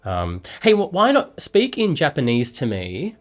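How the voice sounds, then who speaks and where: Aussie guy chatting with an ai, playful and rambling, trails off a lot, medium pitch. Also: huge pitch swings, measured pace. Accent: Australian. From Australia. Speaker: vlogger. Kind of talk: casual chat with an AI.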